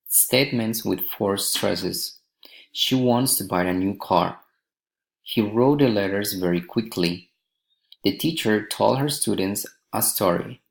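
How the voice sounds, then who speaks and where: A man from Colombia, a language student, reading a pronunciation drill aloud slowly and carefully, one word pair or sample sentence at a time. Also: fairly low pitch, vocal fry, rough recording.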